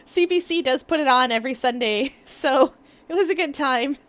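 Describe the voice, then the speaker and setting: A young Canadian Maritimes woman with a high, fairly bright voice talks at normal speed. Chatting casually while gaming on a live stream, she giggles often and rambles through asides.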